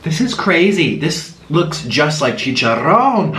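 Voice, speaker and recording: Animated, gasping man telling a story while eating. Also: a little high, takes it slowly, reverberant, a little hiss or hum. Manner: animated, gasping and murmuring between bites. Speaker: mukbang vlogger.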